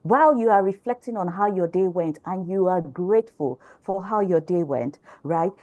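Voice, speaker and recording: A woman's voice: lowish voice, normal speed, mellow, dry recording, muffled recording. A woman speaking as a panelist, giving reflective advice on feedback and communication. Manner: reflective, advising. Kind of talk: panel talk.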